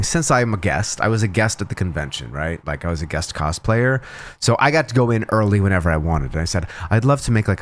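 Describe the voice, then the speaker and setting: A man cosplayer chatting casually with his livestream viewers, telling a long story with many restarts and fillers. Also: sits low. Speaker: cosplayer streamer.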